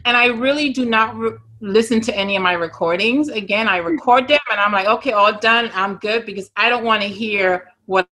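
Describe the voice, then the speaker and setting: A woman with a Grenadian accent speaks in a bright, forward tone. Her voice sits a little high. She talks candidly and reflectively as a guest in a relaxed interview. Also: a little fast, few pauses. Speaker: guest, travel agent. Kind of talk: casual interview chat.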